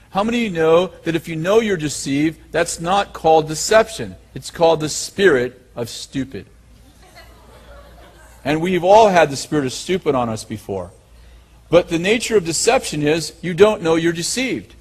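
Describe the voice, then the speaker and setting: A man preaching to a gathered audience in a high, husky voice. He hammers his points home by repeating them and putting questions to the listeners. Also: expressive, moderate pace. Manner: emphatic, repeats key lines, asks audience questions. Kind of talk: sermon.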